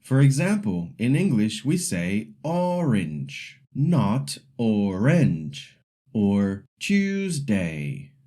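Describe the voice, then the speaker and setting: A man narrates a scripted language lesson in a patient, instructional way. His pace is unhurried, and he pauses to model each example word. His voice is mellow, with a pitch that rises and falls lively across phrases. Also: breathy edge. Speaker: language teacher.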